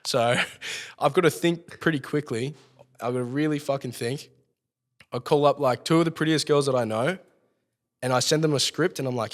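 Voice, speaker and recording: A man's voice: medium pitch, moderate pace. An Australian man telling a long story as a podcast guest, swearing constantly and rambling as he goes. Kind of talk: casual storytelling. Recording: long hall reverb.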